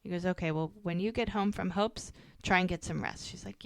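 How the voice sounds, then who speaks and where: A woman's voice: fairly low pitch, brisk, fairly bright tone, dry recording. A woman co-hosting a podcast, casually recapping a TV episode and quoting the characters' lines as she goes.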